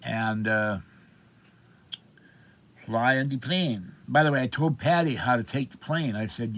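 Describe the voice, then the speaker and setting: A man's voice: mid-range voice, measured pace, pauses often, a bit bright. A man in his seventies from Pittsburgh, telling an indignant, rambling story of complaint in a personal vlog. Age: 70s. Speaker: vlogger.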